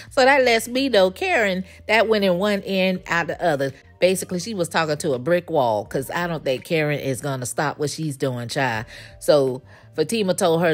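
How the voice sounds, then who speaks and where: A woman recapping a TV episode in a casual, animated, gossipy way, full of slang and quoted lines. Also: deep voice, moderate pace, faint music behind. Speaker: TV show reviewer.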